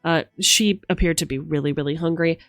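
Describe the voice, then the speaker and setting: A woman's voice: deep voice, fairly quick, no echo, clean studio sound, soft background music. A woman running a tabletop game, narrating scenes in a chatty, descriptive way with many fillers. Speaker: game master.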